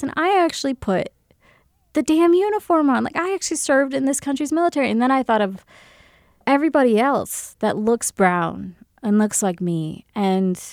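A woman's voice: mid-range voice, a little mellow, dry recording, clean studio sound. A woman and military veteran telling a personal story candidly, swearing freely and laughing as she goes.

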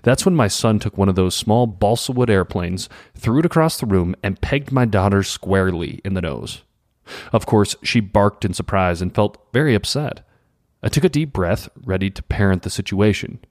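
A middle-aged man reading an article aloud in a calm, measured way, acting out short quoted examples. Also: lowish voice, dry recording, clean studio sound. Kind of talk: scripted narration.

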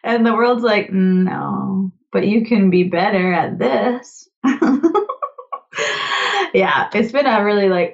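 A woman's voice: mid-range voice, a little slow, muffled recording. A young adult woman, a podcast guest, talking casually and animatedly, often laughing and acting out her own inner voice. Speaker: podcast guest, author and grief coach. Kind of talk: casual conversational interview.

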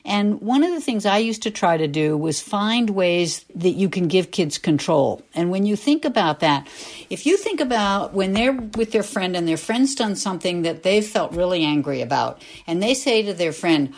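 A woman's voice: lowish voice, lively intonation, moderate pace, a little mellow. An older woman, a former school nurse, explaining an idea in casual conversation, reflective and patient, with small restarts.

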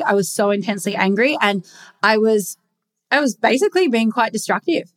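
A young woman talking bluntly in a casual confessional monologue, swearing freely as she rants. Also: medium pitch.

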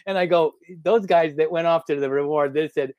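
A man guest on a podcast, telling rambling, animated stories in a casual interview. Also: on the high side, brisk, no room sound, highs cut off. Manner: animated, rambling anecdotes with lots of fillers. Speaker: podcast guest, former reality show contestant.

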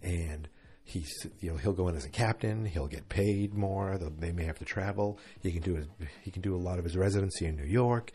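A man's voice: low-pitched, fairly quick, hardly any pauses, mellow. A tired man yawning through a chatty, rambling late-night recap of a TV episode, full of fillers.

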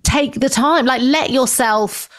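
Calm, gently advising woman podcast host. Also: high-pitched, slow. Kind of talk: reflective conversational interview.

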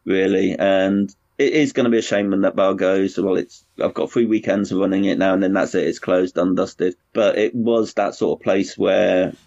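A man's voice: low-pitched, steady tone, normal speed, gravelly, few pauses, a little mellow, no echo. Bloke rambling about his pub, kinda dull muffled sound, dry. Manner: chatty, rambling, frank with swearing. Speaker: brewer and pub owner, guest. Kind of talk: casual conversation.

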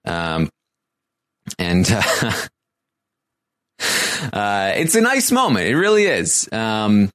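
A man giving a casual show recap, talking in a halting way with many pauses and restarts. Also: on the low side, wildly swooping pitch, fairly bright tone.

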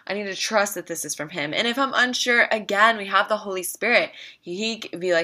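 A woman's voice: mid-range voice, fairly quick, few pauses, pushed and bright. A woman talking casually to viewers about faith, earnest and emphatic, repeating phrases for stress. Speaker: Christian vlogger.

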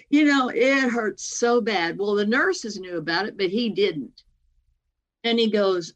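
A woman telling a personal story as a guest, animated, acting out what other people said, with many fillers. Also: fairly low pitch, unhurried. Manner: animated, acts out other people's words in quotes; rambling, with many fillers and "anyway".

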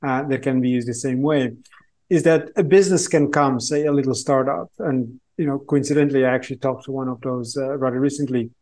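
A man's voice: medium pitch, fairly even intonation, fairly quick, darkish tone. Man explaining carefully. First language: Portuguese. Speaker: guest expert. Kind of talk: podcast interview.

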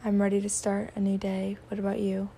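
A woman guiding a meditation, speaking slowly and softly, often slipping into a whisper. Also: medium pitch, monotone, creaky, a little hiss or hum. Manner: slow, soft-spoken, drifting into whispers; warm spiritual affirmations. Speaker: meditation guide. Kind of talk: guided meditation.

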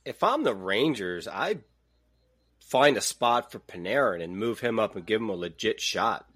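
A man's voice: on the low side, lively intonation, normal speed, a bit bright, slightly rough, no echo. A man co-hosting a podcast, giving opinionated takes in casual sports chat. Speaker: podcast co-host.

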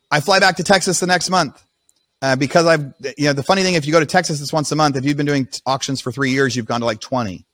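A man's voice: a little high, quick pace, fairly bright tone, no room sound, clean studio sound. A man hosting a podcast, telling his own story in a casual, rambling way with frequent restarts. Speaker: podcast host.

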